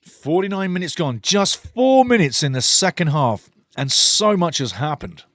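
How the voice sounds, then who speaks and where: A man hosting a live match watchalong, calling the play and answering chat in an animated, opinionated way. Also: normal speed, dry recording. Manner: animated, opinionated, swings from excited calls to low asides. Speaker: watchalong host commentating a match.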